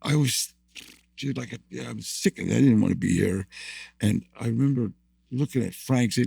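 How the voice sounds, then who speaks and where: A man's voice: mid-range voice, normal speed, gravelly, mellow, breathy edge, dry recording. An older man from the United States, a guest in an interview, tells rambling stories of his past, repeating words and laughing often. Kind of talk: storytelling interview.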